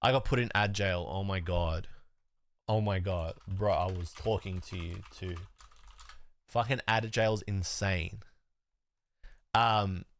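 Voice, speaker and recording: Sorting cards during a casual home live stream, a young man rambles, swears and uses lots of fillers. His voice is low-pitched with a fairly bright tone.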